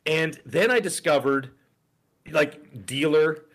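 A middle-aged man co-hosting a podcast tells a long story in casual chat, rambling with frequent fillers and asides. His voice is a little high and a bit bright, and he speaks slowly.

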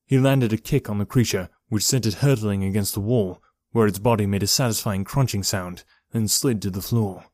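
A man giving a steady, measured reading of a horror story as narrator. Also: fairly low pitch, no echo. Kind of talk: scripted horror audiobook narration.

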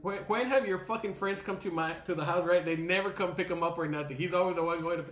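Father in his 40s, high-pitched voice, profane and chatty, recorded in an echoey room. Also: fast talker, a bit bright, a little hiss or hum. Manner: profane storyteller, mimics his son. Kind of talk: casual chat.

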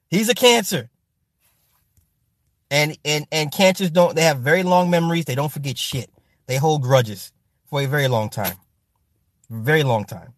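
Animated, profane man hosting a livestream. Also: mid-range voice, dry recording, studio quality. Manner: profane, animated, laughs often, talks straight to the chat. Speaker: livestream host reading viewer comments. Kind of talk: casual livestream chat. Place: home streaming setup with ring light.

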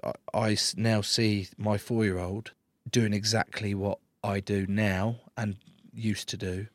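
A man in his thirties with an English accent, a rugby player being interviewed, bantering cheekily and swearing freely, loudly acting out stories. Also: fairly low pitch, a little slow, dry recording. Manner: cheeky, swears freely, loud animated re-enactments. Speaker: interview guest, rugby prop. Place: small studio.

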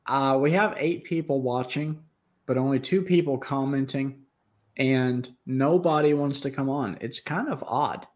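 A man's voice: medium pitch, a little slow, darkish tone. A man co-hosting a casual live stream, making teasing wisecracks at the others.

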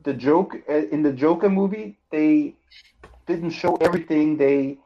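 Halting man with a higher voice. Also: highs cut off. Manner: halting, many restarts. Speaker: guest. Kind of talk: casual podcast chat.

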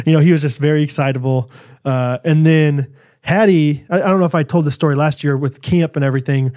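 Animated storytelling man, fairly high voice. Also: brisk. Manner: animated storyteller, laughs often. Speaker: podcast co-host. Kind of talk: casual chat.

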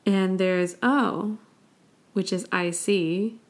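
Woman, young adult, solo podcast host, unhurried pace, playful, giggly. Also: mid-range voice, fairly even intonation. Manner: playful, demonstrates sounds with frequent laughter. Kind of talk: casual solo podcast talk.

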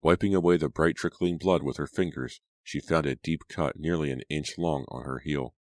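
A man narrating an audiobook in a steady, measured storytelling manner. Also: extremely low pitch, dry recording, studio quality. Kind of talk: scripted narration.

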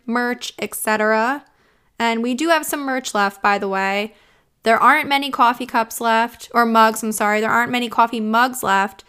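Earnest woman podcast host, high clear voice. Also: fairly bright tone. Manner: earnest, reflective, with filler-laden pauses. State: choked up with emotion. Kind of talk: true crime podcast commentary.

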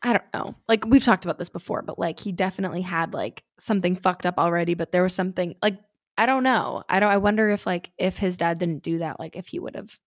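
A woman's voice: fairly low pitch, fast talker, no echo. Swearing woman recapping a show, dry. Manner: swears a lot, many fillers, laughs while recapping. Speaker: podcast co-host. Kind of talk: casual chat.

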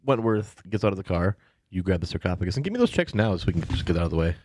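A man with a very low voice runs a tabletop horror game, narrating scenes in a relaxed way with plenty of fillers. The recording is dry and close. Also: very fast, no echo. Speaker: game master.

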